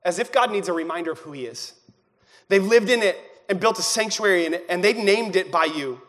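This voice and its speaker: A young man preaching a sermon as pastor, moving between quiet prayerful passages and loud shouted ones. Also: brisk. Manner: animated, swings from low prayerful tones to shouting. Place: church sanctuary. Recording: long hall reverb with faint music.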